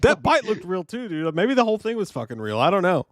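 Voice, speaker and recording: A man co-hosting a casual movie review show, swearing freely and retelling scenes with animated, acted-out quotes. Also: high-pitched, quick pace, no room sound. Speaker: podcast co-host.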